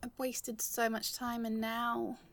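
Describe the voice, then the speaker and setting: Slow, halting woman in role-play. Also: a little high, completely flat delivery, fairly bright tone. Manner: halting, stammering, emotional, swears a lot. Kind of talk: audio role-play addressed to the listener.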